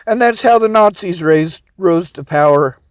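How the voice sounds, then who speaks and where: A man with a very high voice delivers an angry personal rant. He swears freely and lashes out at the people he blames. The sound is dry and close, with no room echo. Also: animated, moderate pace. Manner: bitter, swearing, vents in outbursts. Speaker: vlogger.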